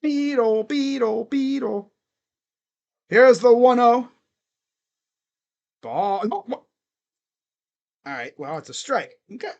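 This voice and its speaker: A man's voice: very high-pitched, very animated, slow pace, pauses often, dull audio. A young man doing casual live play-by-play of a baseball game, chatty and given to chanting and laughing. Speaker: live reaction play-by-play host.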